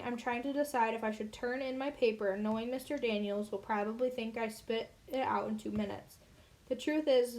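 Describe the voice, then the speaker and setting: A woman's voice: on the high side, darkish tone. Woman earnestly reading a children's novel. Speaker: audiobook reader. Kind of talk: first-person audiobook narration.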